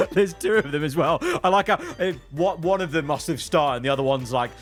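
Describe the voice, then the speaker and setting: A man hosting his channel, chatting through meme reactions, quipping quickly and laughing often. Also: a little high, expressive, loud music behind the voice. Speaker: channel host.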